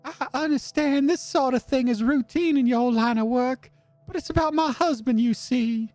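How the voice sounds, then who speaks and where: A man's voice: very high-pitched, a little slow, a little mellow, no echo, soft background music, pitched above the performer's own voice. A man voicing a worried otter wife pleading with a detective about her husband, in a raised girlish voice. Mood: anxious. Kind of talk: game dialogue read aloud.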